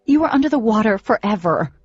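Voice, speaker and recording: A woman's voice: lowish voice, normal speed, no room sound, muffled recording, soft background music, close to an everyday voice. A woman reading the lines of a frantic, indignant teenage girl in an audiobook, raising her voice. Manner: shouting, indignant.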